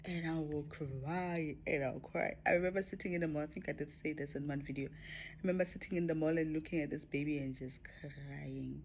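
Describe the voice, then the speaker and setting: Female vlogger with a low voice, reflective and intimate; light background noise. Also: steady tone, fast talker. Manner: reflective, drifts into soft whispers and laughs. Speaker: spiritual vlogger. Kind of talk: personal spiritual talk to camera.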